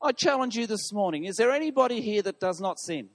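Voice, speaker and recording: A man's voice: sits high, lively intonation, fast. A man preaching a sermon to his congregation, putting questions to the listeners. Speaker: pastor. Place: church hall. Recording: long reverb of a large hall.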